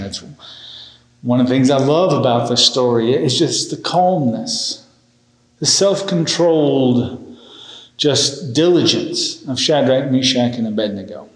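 A man preaching a sermon as minister, retelling a scripture story with animated emphasis. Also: a little high, reverberant, low-quality recording. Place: church sanctuary.

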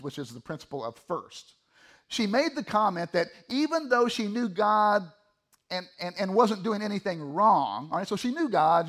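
Middle-aged pastor guy preaching, kinda high voice, gets loud then drops low for asides. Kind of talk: sermon.

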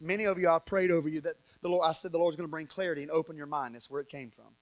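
A Southern American man preaching a sermon with a high, ringing voice. He reads scripture aloud and jokes with his congregation, swinging between loud bursts and soft asides. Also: fairly even intonation, rapid-fire, hardly any pauses. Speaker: pastor.

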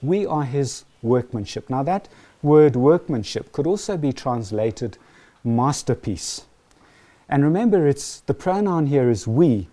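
A man preaching a sermon, earnest and emphatic, slowing down on key phrases. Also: mid-range voice, animated, dark tone.

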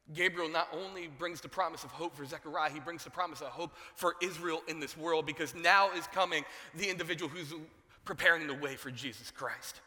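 A man with a bright, forceful, slightly high voice delivers a sermon, retelling a story with lively acted-out dialogue. His voice rings out with a long reverb, as in a large hall. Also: brisk. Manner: animated storytelling, acting out dialogue. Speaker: pastor.

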